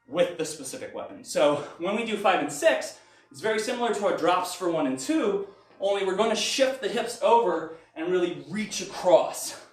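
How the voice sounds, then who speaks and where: A man teaching stage combat in a live online class, coaching with upbeat energy and counting reps while he demonstrates the moves. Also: high voice. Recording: roomy echo, mic at a distance, faint music.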